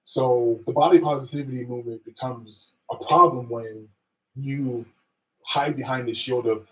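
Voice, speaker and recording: A man's voice: medium pitch, steady tone, moderate pace. A man in a podcast discussion speaking bluntly and emphatically. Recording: distant dull audio from a played clip.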